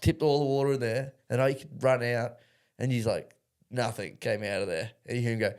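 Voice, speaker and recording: A man's voice: mid-range voice, fairly even intonation, brisk, darkish tone, clean tone. Swearing Australian man telling a yarn. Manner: crude, swearing, laughing through stories. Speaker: podcast host. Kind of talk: casual chat, telling a yarn.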